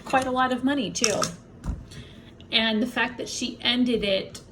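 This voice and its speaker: A woman vlogger rants angrily to camera, swearing heavily, blunt and indignant, upset and in pain from a migraine. Her voice is mid-range, and there's noise in the background.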